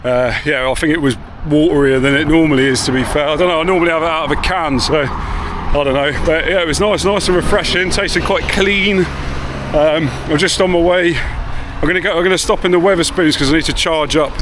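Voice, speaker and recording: A man's voice: on the high side, fairly even intonation, fairly quick, hardly any pauses. Chatty man vlogging outdoors. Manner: chatty, rambling, laid-back with swearing. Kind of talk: casual walking vlog. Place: outdoors on town streets and in a car. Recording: street noise behind.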